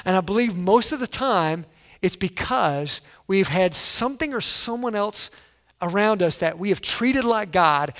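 High-voiced, animated male pastor. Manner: animated, acts out quotes, sudden loud emphasis. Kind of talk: sermon.

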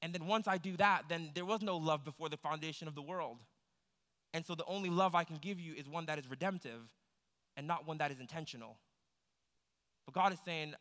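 A man's voice: fairly high pitch, brisk, a bit bright. A man preaching a sermon in a conversational way, climbing to emphatic, pressing peaks. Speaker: pastor. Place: church hall. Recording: long hall reverb.

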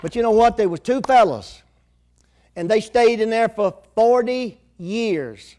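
Older male preacher, high voice, homespun conversational sermon delivery. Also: measured pace, mellow. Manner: folksy, conversational preaching with rural grammar.

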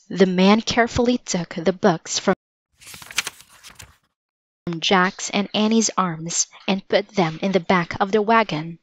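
Slow, even woman storybook reader. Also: medium pitch. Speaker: narrator. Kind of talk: storybook read-aloud. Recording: dull lo-fi dry recording.

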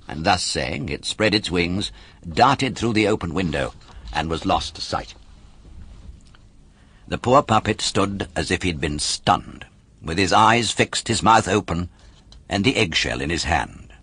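Male audiobook narrator, expressive storyteller, low and husky with a lively pitch range. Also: measured pace.

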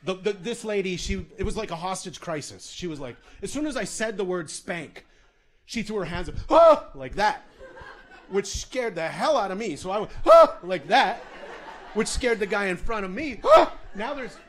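A man's voice: high-pitched, lively intonation, normal speed, fairly bright tone. A man performing stand-up comedy, telling a self-mocking story with lots of asides.

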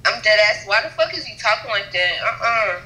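Bright-voiced blunt young woman. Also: medium pitch, a little fast. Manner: blunt, teasing, slangy. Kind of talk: casual video chat. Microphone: video chat app.

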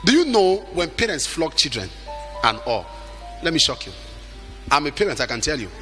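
A middle-aged man preaching a sermon with emphatic delivery, at times shouting and acting out the people he quotes. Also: fairly high pitch, sing-song, normal speed, soft background music.

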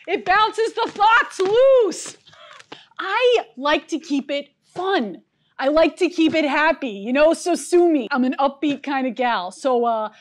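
A woman plays an upbeat, scatterbrained worker in a comedy sketch, someone who gets distracted quickly. She talks in a chirpy, scattered manner with a high voice.

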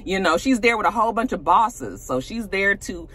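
A woman's voice: mid-range voice, lively intonation, normal speed, pushed and bright, breathy edge. A woman casually recapping a reality TV episode, chatty and sassy, with "you know" asides and laughs as she talks.

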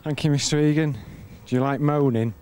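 A man's voice: on the high side, fairly even intonation, a little mellow, lightly acted. A man playing a cheeky comedy weatherman, rattling off teasing one-liners. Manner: camp, teasing patter in rapid one-liners. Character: cheeky male weather presenter Sheephead, mischievous.

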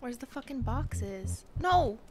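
A woman's voice: fairly high pitch, lively intonation, takes it slowly. A woman streaming a game live, chatting casually, swearing a lot and breaking into anxious squeals. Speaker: livestreamer. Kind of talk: casual gameplay commentary. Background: game music.

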